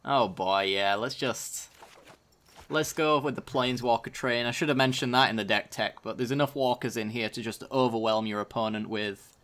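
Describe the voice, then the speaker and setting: A man's voice: mid-range voice, moderate pace, fairly bright tone, a little hiss or hum. A man casually commenting on his own card game as he plays, thinking aloud about each move. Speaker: gaming channel host.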